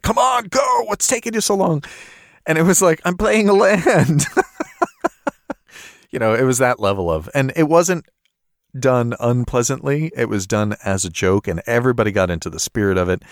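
A man's voice: on the low side, no room sound, clean studio sound. A man co-hosting a podcast in a casual chatty way, laughing often and poking fun at himself. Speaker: podcast co-host.

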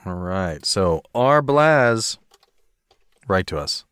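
A man with a low voice chats loosely as a podcast co-host, joking at his own expense and laughing easily. The sound is close and dry. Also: sing-song, very slow, fairly bright tone, clean tone, no echo. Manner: chatty, self-deprecating, laughs often. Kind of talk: casual podcast chat.

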